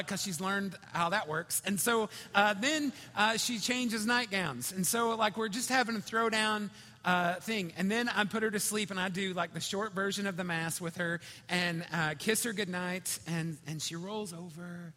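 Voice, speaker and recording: A man preaching a sermon in a conversational, storytelling way, swinging between loud and hushed. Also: high-pitched, fairly even intonation, moderate pace. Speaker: pastor. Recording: reverberant hall.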